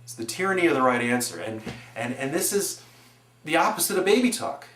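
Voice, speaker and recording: A man in his forties giving an earnest, animated presentation on education, building his points with examples. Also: mid-range voice, a little fast. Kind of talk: explanatory presentation. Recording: echoey room.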